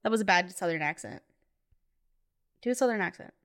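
A woman's voice: on the low side, animated, a little fast, fairly bright tone. Playful giggly woman podcaster. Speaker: podcast co-host. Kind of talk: casual chat.

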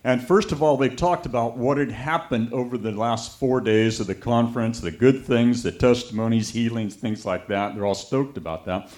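A man preaching a sermon, telling a story with lively anecdotes and acting out the voices of people he quotes. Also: mid-range voice, normal speed, hardly any pauses.

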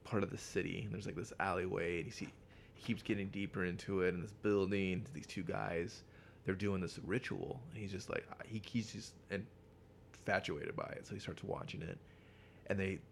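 A man co-hosting a podcast, casually retelling a comic's plot with lots of swearing and quick character voices. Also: low-pitched, fairly even intonation, gravelly, slight background noise. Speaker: podcast co-host. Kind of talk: casual comic book chat.

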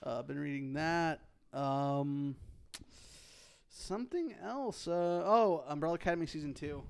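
A man's voice: on the high side, unhurried, gravelly, clear, resonant tone. A man co-hosting a casual podcast, talking hesitantly with many fillers. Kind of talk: casual chat.

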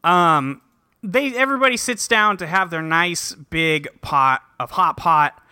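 A man's voice: fairly high pitch, measured pace, bright, forceful tone, clear, resonant tone, no room sound, clean studio sound. A man co-hosting a podcast, recapping an episode casually, with lots of fillers and laughs. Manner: laughing, filler-heavy storytelling. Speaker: podcast co-host.

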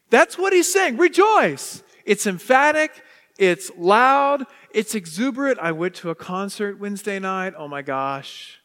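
A man, a priest, preaching a sermon with animated swings from hushed to exuberant. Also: a little high. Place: church sanctuary. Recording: long church reverb.

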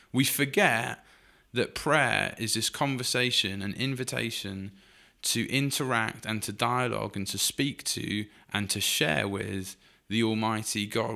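A man's voice: lowish voice, vocal fry, pushed and bright. A man co-hosting a faith podcast, explaining earnestly with frequent fillers. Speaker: podcast co-host.

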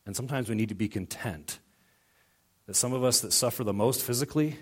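A man's voice: medium pitch, brisk. A middle-aged male pastor preaching a sermon in a conversational way, telling personal stories and acting out quoted dialogue.

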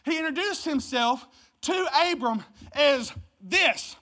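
A pastor preaching a Christmas sermon, swinging from loud, emphatic exclamations to low, hushed delivery. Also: lively intonation, takes it slowly. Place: church service.

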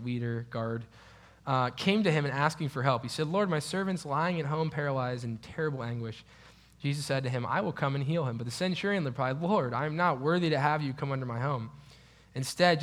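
A man's voice: medium pitch, fairly bright tone. Casual man teaching a Bible passage. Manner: conversational, many fillers and restarts.

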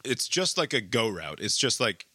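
A man's voice: medium pitch, big pitch swings, moderate pace, pushed and bright, slightly rough, no echo. A man hosting a casual sports chat, telling the story of the game animatedly, swearing freely and packing his talk with fillers.

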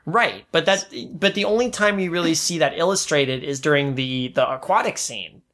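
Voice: mid-range voice, normal speed, fairly bright tone. A podcast co-host chatting casually about a film, analytical and critical of the plot, sometimes dropping into silly mock voices.

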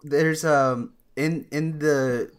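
A man's voice: a little high, fairly even intonation, very slow, clean tone. A young man co-hosting a podcast in casual chat, rambling, restarting his sentences and laughing often. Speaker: podcast co-host.

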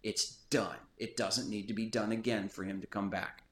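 A man's voice: fairly low pitch, steady tone, moderate pace, fairly bright tone, a little hiss or hum. Earnest man teaching in a roomy space. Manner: earnest, explanatory, digresses. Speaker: host of a Bible study talk. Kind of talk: casual teaching chat.

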